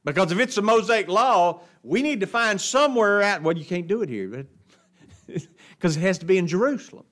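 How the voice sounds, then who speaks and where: A man teaches an adult Bible class with a high, light voice. He talks in a folksy, plain way and keeps putting questions to the room. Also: expressive, fairly quick, a bit bright. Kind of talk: Bible lesson. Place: church classroom.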